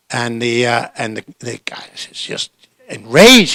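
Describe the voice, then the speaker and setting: A man on a labor panel speaking deliberately, often clearing his throat as he tells a story. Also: mid-range voice, a bit bright, no echo.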